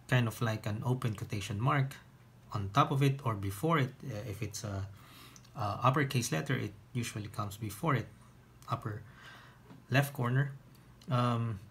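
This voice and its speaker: A man teaching an online lesson, explaining step by step with patient pauses and restarts. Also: lowish voice, a little hiss or hum. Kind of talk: online lesson on reading biblical Greek.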